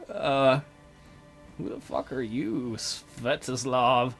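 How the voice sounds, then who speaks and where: A man's voice: on the high side, sing-song, normal speed, bright, forceful tone, faint music behind. A man hosting a strategy game let's play with casual, crude, joking commentary.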